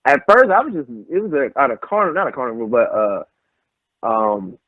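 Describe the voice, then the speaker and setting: A man's voice: mid-range voice, a little fast, no room sound. A young adult man, a pro wrestler, telling stories casually and acting out what others said. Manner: animated storyteller, acts out quotes. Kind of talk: casual storytelling interview. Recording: tinny phone-like line, dry.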